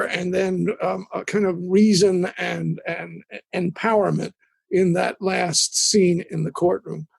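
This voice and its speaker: A man hosting an interview, asking long, halting questions that search for the right words. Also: high-pitched, vocal fry, darkish tone, breathy edge, no echo. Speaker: interviewer, host.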